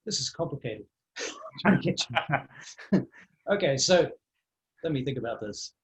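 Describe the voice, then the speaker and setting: A man's voice: mid-range voice, lively intonation, a little slow, rough recording. A man running a tabletop game as dungeon master, narrating and thinking aloud with many fillers.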